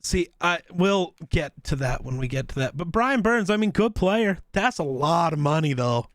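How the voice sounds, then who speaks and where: A man's voice: a little high, animated, normal speed, no echo. A man co-hosting a podcast in casual sports chat, with teasing, dry, blunt takes. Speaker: podcast co-host.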